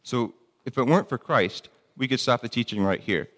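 A man's voice: mid-range voice, lively intonation, moderate pace, a bit bright, long reverb tail. A man teaching a Bible lesson in a conversational way, reading verses aloud between plain explanations with frequent ums and restarts.

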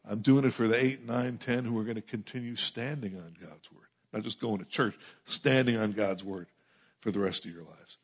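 Husky man preaching, lo-fi sound. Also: fairly low pitch, steady tone, normal speed. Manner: conversational preaching, rising emphasis, asides and chuckles. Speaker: pastor. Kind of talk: sermon. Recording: muffled lo-fi sound.

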